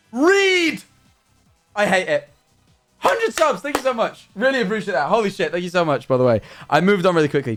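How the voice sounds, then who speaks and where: A man livestreaming in casual chat with his viewers, ranting animatedly and swearing often. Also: sits high.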